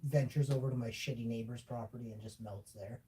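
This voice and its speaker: A man's voice: fairly even intonation, fairly quick, mellow. A man chatting casually on a livestream, rambling and joking with lots of fillers. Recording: distant mic with faint rumble.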